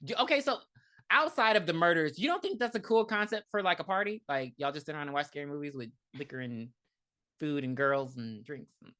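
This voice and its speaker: A woman with a low, deep speaking voice recaps a film for a podcast. She talks casually, swears freely, and acts out the characters' lines with a laugh in her storytelling. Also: brisk. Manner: animated, profane, laughing storyteller. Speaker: podcast co-host. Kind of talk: casual movie recap chat.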